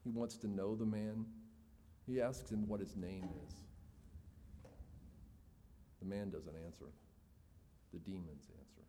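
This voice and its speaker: A man's voice: fairly low pitch, steady tone, a little slow, pauses often, dark tone, big-room sound, slight background noise. A man preaching a sermon in an earnest, expository way, building emphasis as he makes his points.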